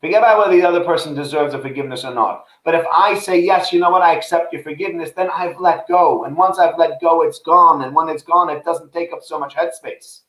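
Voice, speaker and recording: A man's voice: a little high, fast, few pauses, a bit bright, echoey room, rough recording. A man hosting a casual chat about faith, telling anecdotes and acting out the people in them. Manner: chatty storyteller, acts out quoted voices.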